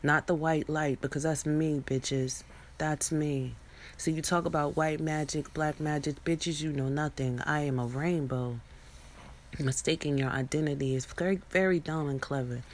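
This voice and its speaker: A woman's voice: deep voice, fairly even intonation, moderate pace, a little hiss or hum. A young woman in a rambling, profane monologue, preaching at her viewers with many restarts and asides. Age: young adult.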